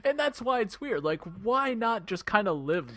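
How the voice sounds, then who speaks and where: A man's voice: high voice, sing-song, normal speed, sharp tone. A man co-hosting a film podcast in casual chat, sarcastic and swearing, mimicking movie lines as he goes. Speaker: podcast co-host.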